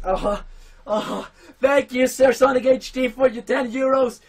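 A young man livestreaming a game, shouting and swearing, overwhelmed and emotional, his voice strained from yelling. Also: very high-pitched, normal speed, a little hiss or hum. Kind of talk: excited live game-stream commentary. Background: loud game music.

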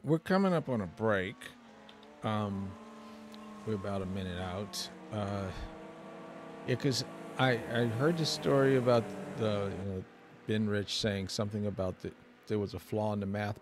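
A man's voice: lowish voice, unhurried. Easygoing male radio host, noisy line. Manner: easygoing storyteller, laughs at own stories. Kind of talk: late-night radio talk show.

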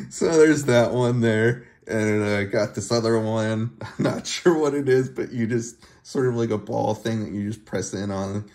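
A man casually showing off his toy collection, giggling often and talking haltingly with many fillers and restarts. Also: fairly low pitch, darkish tone. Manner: giggly, laughs often between phrases. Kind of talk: casual show-and-tell video.

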